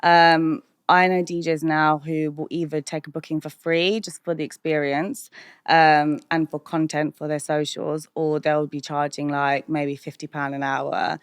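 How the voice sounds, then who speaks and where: A British woman with a low voice talks openly as a podcast guest. She rambles in a relaxed, chatty way, peppered with "like" and "um". The sound is dry and close. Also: a little slow, clear, resonant tone, dry recording. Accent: British English. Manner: chatty, lots of "like" and "um", laughs often. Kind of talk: candid podcast interview.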